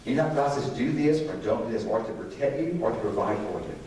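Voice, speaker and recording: A man's voice: medium pitch, animated, quick pace, a little mellow, slight background noise. Older guy teaching sunday school, chatty, asks the class stuff, sounds far off in a really echoey room. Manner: conversational, asks the class questions. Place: church classroom.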